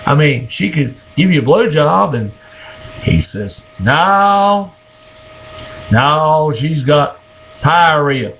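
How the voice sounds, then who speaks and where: A man telling dirty jokes in a slow, drawling way, slipping into voices for the characters. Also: on the high side, animated, muffled recording, slight background noise. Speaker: joke teller.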